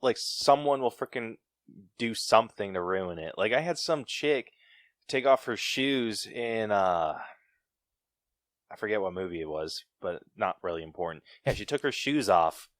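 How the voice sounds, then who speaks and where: A man chatting casually on a podcast, excitable and full of "like" fillers. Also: fairly low pitch, unhurried, no echo.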